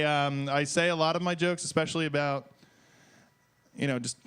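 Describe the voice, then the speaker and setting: A young man from Detroit doing a profane, excitable, rambling stand-up set on stage at a small bar open mic. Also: medium pitch, clear, resonant tone.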